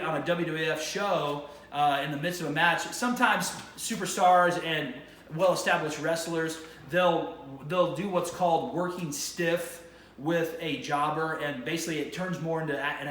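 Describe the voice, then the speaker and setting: A man hosts his own vlog with a fairly high voice, rambling with eager enthusiasm and often restarting his sentences. His voice bounces around a roomy, echoing space with a faint ambient hum underneath. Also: a bit bright. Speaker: vlog host. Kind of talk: casual to-camera monologue.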